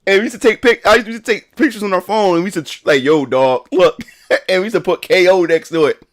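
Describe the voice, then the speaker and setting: Here a young man streams live, talking fast in a high-pitched voice. He rambles casually in slang, constantly restarting and filling gaps with fillers.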